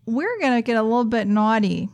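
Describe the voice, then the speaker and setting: A middle-aged woman co-hosting a podcast, chatting in a lively way with frequent laughs. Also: on the high side, a little fast. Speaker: podcast co-host. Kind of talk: casual chat.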